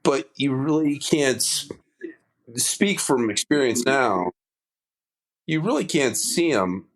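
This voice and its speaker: A man's voice: mid-range voice, animated, slow pace, low-quality recording. A man, an underwater photographer, telling a diving story in a casual interview, acting out his own quoted dialogue with many restarts.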